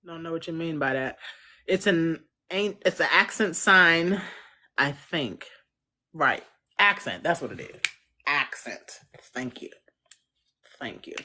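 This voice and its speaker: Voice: medium pitch, lively intonation, slow, pauses often, bright, forceful tone. A chatty astrologer hosting a casual live stream, answering viewer comments with loose, slangy talk and frequent laughs. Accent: Central US. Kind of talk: casual livestream chat.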